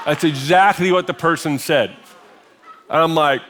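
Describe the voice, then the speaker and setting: A middle-aged American pastor preaching in a church, telling a personal story in a conversational way with self-deprecating humor. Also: male voice, a little high, moderate pace, noisy background. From United States. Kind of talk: sermon storytelling. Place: church sanctuary.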